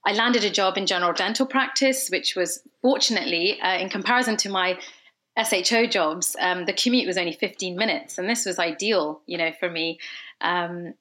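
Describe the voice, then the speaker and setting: A woman's voice: lowish voice, fairly quick, bright, forceful tone. A woman in her thirties from London, a dentist, whose English accent now carries a slight Scottish twang, talking reflectively and earnestly in an interview. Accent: mix of English and Scottish. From London, England. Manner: reflective, earnest, many fillers. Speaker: dentist guest. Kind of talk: conversational interview.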